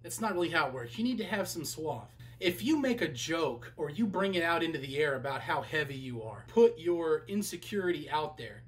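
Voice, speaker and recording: A man's voice: fairly high pitch, animated, brisk, few pauses. A young man talking in a casual how-to vlog, candid and poking fun at himself. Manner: candid, self-deprecating, conversational. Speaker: vlogger.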